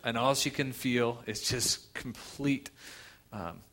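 A man's voice: medium pitch, slow pace, pushed and bright. A man preaching a sermon, retelling a scripture story with emotion and asking the listeners rhetorical questions. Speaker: pastor.

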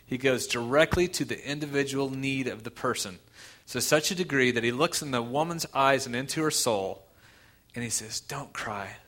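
A man's voice: mid-range voice, normal speed, fairly bright tone. A man preaching a sermon, retelling a scripture story with emotion and asking the listeners rhetorical questions. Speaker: pastor.

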